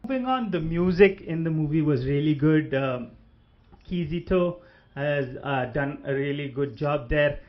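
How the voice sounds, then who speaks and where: A man giving a casual spoken movie review, pausing often and restarting his sentences. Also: a little high, lively intonation, muffled recording. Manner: hesitant, many fillers and restarts. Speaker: film reviewer.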